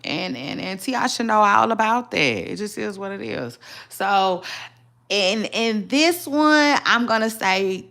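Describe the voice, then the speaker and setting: Woman, gossip vlogger, chatty, animated, fillers and restarts. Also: medium pitch, unhurried, gravelly. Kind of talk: casual celebrity gossip commentary.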